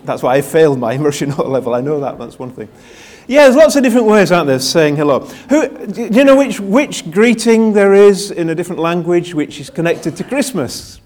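An older male pastor delivers an informal Christmas sermon, his voice sitting a little higher than most men's. He chats, jokes at his own expense, and keeps asking the congregation to call out answers. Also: darkish tone. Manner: chatty, self-deprecating, asks the congregation questions. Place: church with live congregation.

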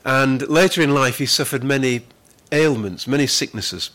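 Here an earnest male pastor gives a conversational sermon, his middle-pitched voice fairly bright in tone. He tends to repeat words as he gathers his thoughts, then slows dramatically to weigh the scripture he quotes.

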